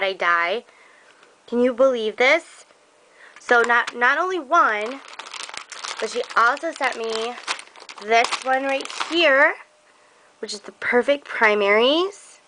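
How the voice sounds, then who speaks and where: A woman's voice: a little high, sharp tone, a little hiss or hum, low-quality recording. A young woman showing off craft gifts on camera, gushing and effusive about everything. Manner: gushing and effusive, slow and drawn out. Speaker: crafting vlogger. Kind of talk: casual show-and-tell unboxing.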